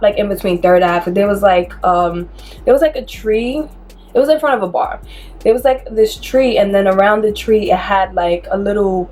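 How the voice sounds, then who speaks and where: A young woman telling a personal story in a casual, animated way, with lots of filler words. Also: mid-range voice.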